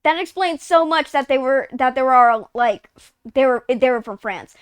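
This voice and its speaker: A woman's voice: high voice, normal speed, clear, resonant tone, no room sound. A woman in her twenties from Texas, chatting casually on a live stream, rambling, swearing often and saying "like" constantly. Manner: rambling, profane, heavy use of "like".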